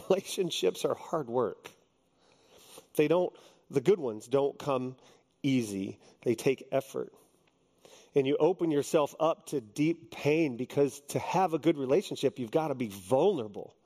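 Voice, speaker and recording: A man's voice: medium pitch, expressive, unhurried, dark tone, in a large hall. A man in his fifties, a pastor preaching a sermon in a joking, conversational way. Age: 50s.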